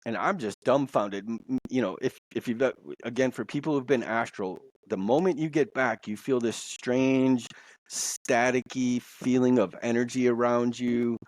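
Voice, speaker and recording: A man's voice: mid-range voice, normal speed, darkish tone, dry recording. A man telling a personal story as a podcast guest, rambling and repeating words as he goes. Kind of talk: casual storytelling. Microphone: podcast mic.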